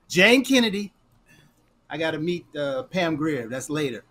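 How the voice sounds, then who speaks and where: A man's voice: fairly high pitch, sing-song, a little slow, a bit bright. A man co-hosting a podcast, chatting casually, flustered and stammering. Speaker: podcast co-host. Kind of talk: casual chat.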